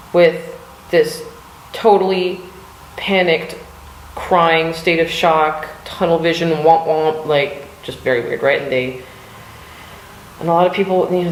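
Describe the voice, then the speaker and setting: A woman's voice: on the low side, slight background noise. A woman from the United States chatting casually and rambling in her art studio, with lots of fillers and the odd swear word. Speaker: vlogger. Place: cold home art studio. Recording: echoey room.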